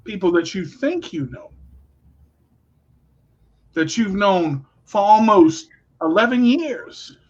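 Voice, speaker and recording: A man co-hosting a casual talk show, telling stories in a blunt, animated way and swearing freely. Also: high voice, takes it slowly, pauses often. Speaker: podcast co-host. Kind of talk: casual storytelling chat. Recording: dull lo-fi recording.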